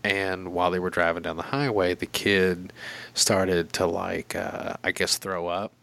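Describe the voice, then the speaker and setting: A man's voice: low-pitched, little pitch movement, a little slow, creaky, a bit bright. A man telling a long story in casual, profane and rambling chat.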